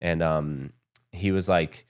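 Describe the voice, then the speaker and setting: A man's voice: sits low, steady tone, slow pace, clear, resonant tone. A man from the United States, a podcast guest telling his founder story in a candid, profane, rambling way. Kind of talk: casual storytelling interview. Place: podcast studio.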